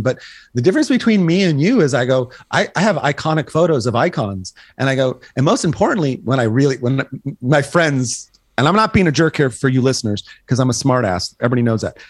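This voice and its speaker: A fast-talking man of medium pitch, captured in a dry recording, is a photographer in his sixties guesting on a casual podcast. He tells animated, profane stories, acting out the dialogue and chuckling at his own punchlines.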